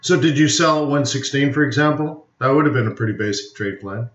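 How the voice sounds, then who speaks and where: Brisk and a bit bright, this mid-range male voice leads a live forex webinar with casual, rambling commentary. Expect jokes, strong opinions, and frequent fillers, all in roomy, dull lo-fi stream sound.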